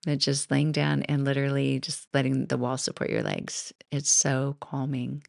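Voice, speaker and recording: A woman's voice: extremely low pitch, animated, normal speed, vocal fry, no room sound, clean studio sound. A middle-aged woman hosting her own podcast, telling personal stories in a rambling, casual way with frequent laughs and asides. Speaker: podcast host. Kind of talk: casual solo podcast talk.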